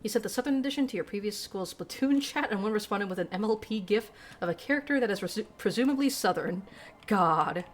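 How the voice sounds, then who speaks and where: A woman's voice: mid-range voice, lively intonation, quick pace. A woman streamer giving casual, profane, self-deprecating commentary while reading game text aloud.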